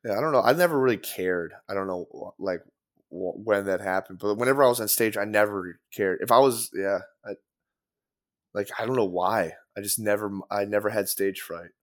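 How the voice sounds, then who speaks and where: A man's voice: fairly low pitch, normal speed. A young man chatting as a musician guest, rambling and profane, with lots of fillers. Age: young adult. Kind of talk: casual podcast chat.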